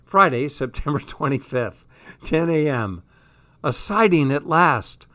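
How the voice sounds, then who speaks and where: Slow, dry-voiced male narrator. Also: on the high side, expressive, a bit bright. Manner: dry, sardonic delivery. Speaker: audiobook reader. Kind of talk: comic first-person diary narration.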